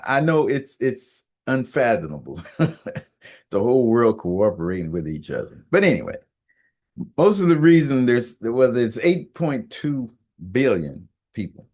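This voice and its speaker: A man talking on the radio in a casual monologue, halting with many fillers and restarts. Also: medium pitch, darkish tone. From United States. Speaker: radio talk host.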